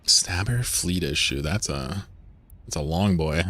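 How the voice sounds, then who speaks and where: A man's voice: deep voice, unhurried, bright, forceful tone. A man live-streaming a game, chatting casually and joking with viewers, swearing now and then.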